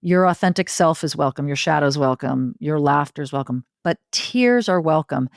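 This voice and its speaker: Expressive middle-aged woman, low dry voice. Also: normal speed, vocal fry, no echo. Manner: expressive storytelling, lists in long rhythmic runs. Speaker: podcast guest, circle facilitator. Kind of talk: conversational interview.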